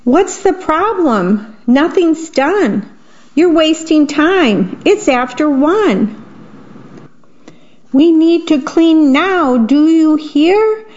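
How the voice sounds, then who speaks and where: A woman reading a picture book voices a bossy, hurried parent handing out chores in a brisk, commanding way. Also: high-pitched, expressive, darkish tone, voice pushed up, full character voice. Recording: dull lo-fi recording.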